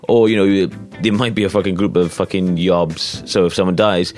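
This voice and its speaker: A man's voice: deep voice, normal speed, faint music behind. A man co-hosting a podcast, chatting casually and swearing a lot as he tells stories. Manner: sweary, animated storytelling with put-on voices. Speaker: podcast co-host. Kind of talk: casual chat.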